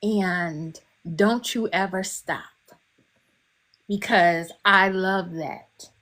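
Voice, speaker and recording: A woman's voice: mid-range voice, drawn-out words, fairly bright tone. A woman guest author chatting on a podcast, emotional and candid, laughing often and swearing freely. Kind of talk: casual podcast chat.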